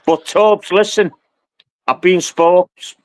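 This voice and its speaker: A man with a northern English accent, hosting a live call and trading loud, sweary jokes with his mates. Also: high-pitched, fairly even intonation, slow, dry recording. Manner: loud, swearing, joking banter. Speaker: live stream host. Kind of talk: casual banter on a group call.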